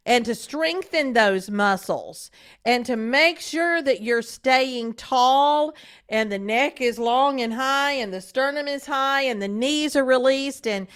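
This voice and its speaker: A woman who hosts a podcast and teaches voice, coaching listeners in a steady instructional monologue and often asking them direct questions. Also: sits high, takes it slowly, smooth.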